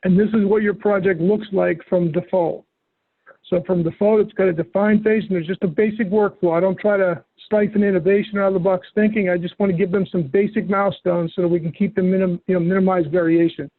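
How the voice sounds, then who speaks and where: A man training a user on software over a call, giving relaxed, patient, step-by-step instructions. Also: sits high, brisk, dry recording. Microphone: call audio. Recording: tinny phone-like line, dry.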